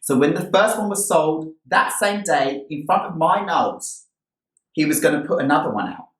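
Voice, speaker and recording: A man vlogging about a plant he bought, gushing and excited as he tells the story and shows it off. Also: on the high side, moderate pace. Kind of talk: casual haul video. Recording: roomy sound from a distant mic.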